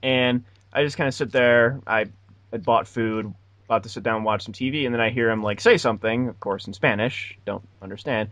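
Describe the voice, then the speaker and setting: A man's voice: medium pitch, fairly quick, a bit bright, no room sound. A young man in his twenties hosts a podcast and chats casually. He tells long, rambling stories with dry sarcasm, in a mid-range voice. The recording is dry and close. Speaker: podcast host. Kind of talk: casual chat.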